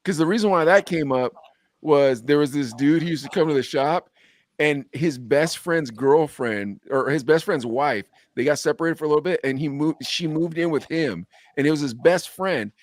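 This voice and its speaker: A young adult man hosting a podcast, telling a story with animated quoted dialogue in casual chat. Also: fairly high pitch, normal speed, dry recording, studio quality. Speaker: podcast host.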